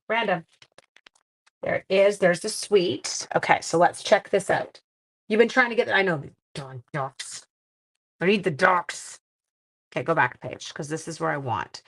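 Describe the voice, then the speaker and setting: A woman's voice: lowish voice, fairly bright tone. A woman hosting a casual live-stream card-making demo, chatty and self-deprecating, thinking aloud as she works and talking to her viewers. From Canada.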